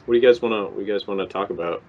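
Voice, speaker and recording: A man's voice: on the low side, rapid-fire. A young man co-hosting a podcast, talking casually and hesitantly with many ums and restarts. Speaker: podcast co-host. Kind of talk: casual chat. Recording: dull lo-fi podcast recording.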